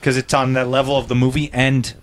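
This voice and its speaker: A man's voice: medium pitch, completely flat delivery, brisk, a little hiss or hum. A man on a casual podcast, telling stories animatedly and swearing freely. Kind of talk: casual chat.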